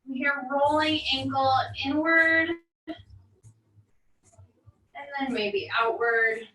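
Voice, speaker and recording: A woman fitness instructor calmly guiding a stretching cool-down, with encouraging cues and wry little asides. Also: high voice, slow, far from the mic. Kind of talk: guided barre cool-down instruction. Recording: echoey room, voice from off-mic.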